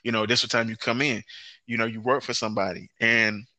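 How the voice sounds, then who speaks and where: Male podcast host, low and bright-toned, emphatic, repeats himself, dry close mic. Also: brisk, dry recording. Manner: emphatic, repeats phrases, stammers when excited. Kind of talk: casual conversation.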